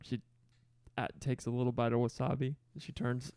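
A man's voice: mid-range voice, flat delivery, normal speed, a little mellow, clean tone, no echo. A man in a casual podcast chat, making dry jokes and slipping into goofy accents.

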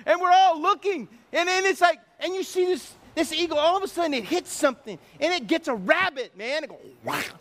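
Man, middle-aged pastor, very high-pitched, lively storytelling sermon. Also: fairly quick, few pauses. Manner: animated storytelling, sound effects and acted asides.

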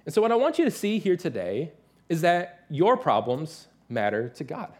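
A man in his thirties preaching a sermon as pastor, telling stories with lively, animated delivery and playful imitations. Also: on the high side, moderate pace. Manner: animated storytelling, mimics his toddler's excited voice.

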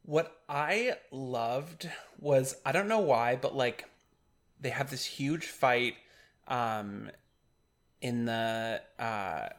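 A man's voice: medium pitch, very slow. A man co-hosting a casual podcast, talking hesitantly and enthusiastically about a film. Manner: hesitant, many fillers and restarts, enthusiastic. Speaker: podcast co-host.

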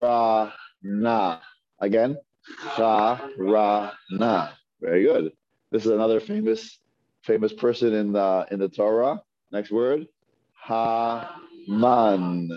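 A man teaching Hebrew reading, sounding out words slowly and patiently and repeating them. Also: lowish voice, big pitch swings, dry recording. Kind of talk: slow, patient reading lesson. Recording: dull lo-fi dry recording.

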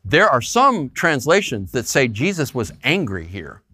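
A man's voice: mid-range voice, big pitch swings, unhurried, sharp tone, no room sound, studio quality. A man preaching a sermon as pastor, acting out quoted voices.

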